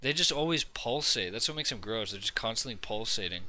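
Bright-voiced man telling loose stories. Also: on the low side, brisk. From Canada. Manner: loose, animated storytelling with swearing and laughs. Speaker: podcast co-host. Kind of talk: casual chat among friends.

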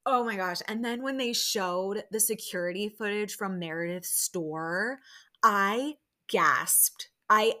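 A young woman hosting a podcast, chatting excitedly about a show with lots of fillers and quick quoted reactions. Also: mid-range voice. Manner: chatty, excitable, lots of "like" fillers, quoting people in lively bursts. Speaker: podcast host. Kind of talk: casual solo recap chat.

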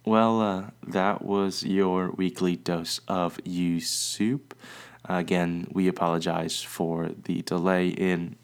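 A young man with a deep, low-pitched voice co-hosts a podcast. He speaks casually, with relaxed fillers and easy restarts. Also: slow pace, clear, resonant tone. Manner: relaxed, loose talk with fillers. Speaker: podcast co-host. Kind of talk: casual chat. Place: home, downstairs.

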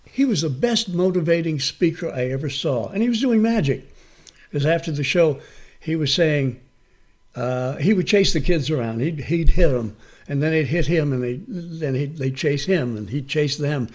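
Animated man telling a story. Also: a little high, moderate pace. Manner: animated, acts out quoted voices. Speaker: magic performance coach. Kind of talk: storytelling in an interview.

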